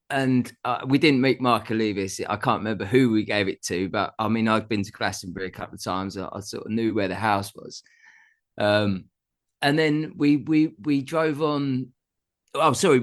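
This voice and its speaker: A man's voice: medium pitch, a bit bright. A middle-aged man, a musician telling a long anecdote as a guest in a casual interview, laughing often as he goes.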